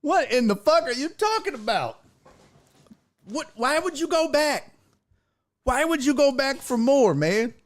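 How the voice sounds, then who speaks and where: A young man hosts a casual live stream in a high, lively voice that rises and falls a lot. He tells rowdy stories full of cursing and plays out the voices of the people in them, then turns to greet his viewers. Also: a little slow, long pauses. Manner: animated storytelling with profanity and acted-out voices. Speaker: streaming show host.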